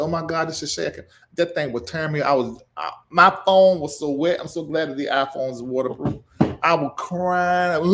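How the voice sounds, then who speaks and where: A man's voice: a little high, a bit bright. Man preaching and grieving on a livestream. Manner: preacherly, exhorting, emotional, laughs through grief; reads viewer comments aloud and greets them. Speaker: livestream show host. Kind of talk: emotional direct-to-viewers livestream talk.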